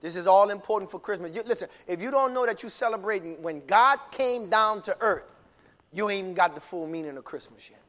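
High, bright-voiced preacher man. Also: animated, fairly quick. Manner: builds from low teaching to shouted, fervent preaching. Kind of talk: sermon.

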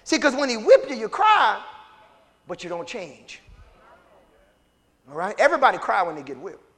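A man preaching a sermon as pastor, calling out to the congregation and swinging between low murmurs and shouts. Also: wildly swooping pitch, normal speed.

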